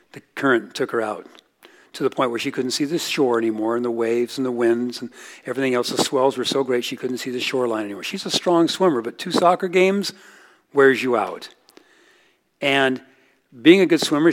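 Middle-aged guy preaching a sermon, earnest storyteller, goes quiet and low on the big lines. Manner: storytelling, earnest, voice rises for quoted lines and drops low at key points. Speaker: pastor.

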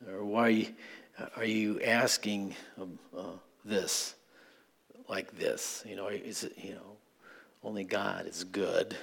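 A man preaching a sermon as pastor, conversational and questioning, building to earnest appeals to the congregation. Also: on the low side. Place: church sanctuary.

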